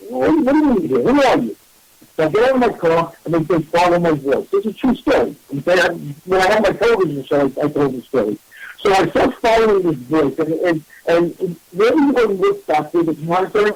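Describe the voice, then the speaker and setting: A man, a psychic medium hosting a radio show, telling a story in a casual, animated and self-mocking way. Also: high voice, no room sound, low-quality recording.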